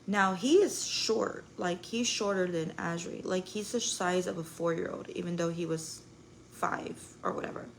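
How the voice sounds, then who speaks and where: A woman's voice: on the low side, moderate pace, slight background noise, poor audio. A young woman telling a rambling story to her live viewers, full of "like" and swearing. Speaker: live streamer.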